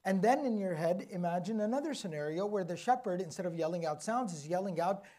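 Guy teaching a religious class, slows down on the key words, keeps asking okay? right?. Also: high voice, animated, warm tone. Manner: explanatory, checks in often with "okay?" and "right?". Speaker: Quran teacher. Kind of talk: religious lecture to a live audience.

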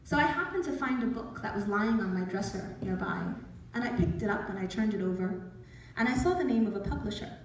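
A woman in her forties giving a storytelling talk as an author, lively and acting out the voices she quotes. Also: medium pitch, brisk, a little hiss or hum. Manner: lively, acts out quoted voices, laughs often. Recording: echoey hall, speaker from far off.

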